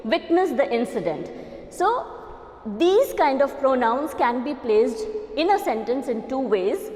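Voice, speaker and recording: Indian English woman lecturer, high animated delivery, echoey room with long reverb. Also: measured pace. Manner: explanatory, checks understanding with "okay?" and "right?". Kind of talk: recorded grammar lecture.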